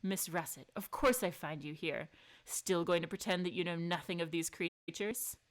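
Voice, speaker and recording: A woman's voice: fairly low pitch, normal speed, lightly acted. Cold bored villain commander, read by a woman.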